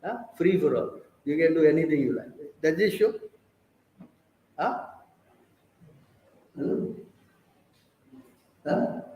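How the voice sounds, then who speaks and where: Slow-preaching man asking "huh?". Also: on the high side, expressive, warm tone, roomy sound, poor audio. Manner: rhetorical questions, prods listeners with "huh?". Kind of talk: scripture class lecture.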